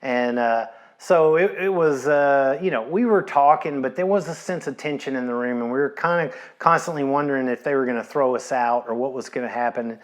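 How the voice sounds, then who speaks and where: A man preaching a sermon from the pulpit. He speaks at a middle pitch and tells stories in a conversational way, repeating his key phrases and dropping in casual asides. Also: brisk, few pauses. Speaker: pastor.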